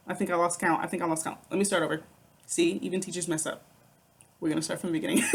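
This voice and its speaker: A woman's voice: lowish voice, fast talker, sharp tone, slightly rough. A woman teaching a music lesson, patiently explaining rhythms, counting aloud and chanting rhythm syllables. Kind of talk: recorded online music lesson.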